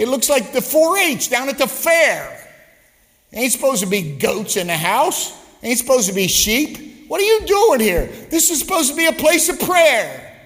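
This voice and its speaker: A man acting out an angry adult male Jesus clearing the temple, loud and commanding, recorded in a church with long reverb. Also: very high voice, pitched above the performer's own voice, exaggerated voice. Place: church sanctuary.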